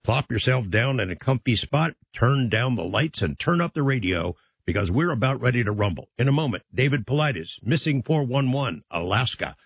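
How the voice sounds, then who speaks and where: Male late-night radio host, husky voice, folksy and easygoing delivery, dry studio sound. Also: medium pitch, animated, normal speed, few pauses, no echo. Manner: easygoing, folksy, chatty asides. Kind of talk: late-night radio talk show intro.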